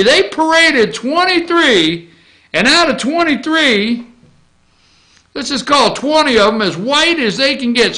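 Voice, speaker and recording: A man hosting a casual opinion show, rambling through a list with jokes and asides. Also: extremely high pitch. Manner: joking, rambling, animated, with asides. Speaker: host.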